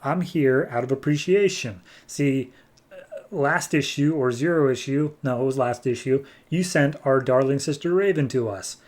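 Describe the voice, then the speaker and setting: Brief: a man doing a smug demon prince, mid-pitched, chummy and menacing, read in a casual podcast recap. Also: normal speed, darkish tone, lightly acted. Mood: mock-polite. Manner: casual, mock-courteous threats.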